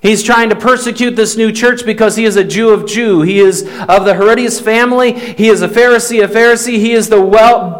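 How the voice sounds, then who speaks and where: A man with a notably high voice preaches from the pulpit, spinning a story in a folksy, animated way. His delivery speeds up and slows down as the tale unfolds. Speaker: pastor. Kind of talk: sermon storytelling.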